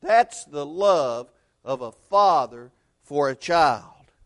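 Man preaching, high-pitched voice, earnest storytelling, loud then hushed. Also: animated, slow. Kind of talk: sermon.

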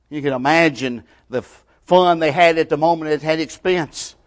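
This sermon comes from a man with a fairly high pitch who speaks at a moderate pace with hardly any pauses. In plain, colloquial grammar, he swings between loud emphasis and almost-whispered hush.

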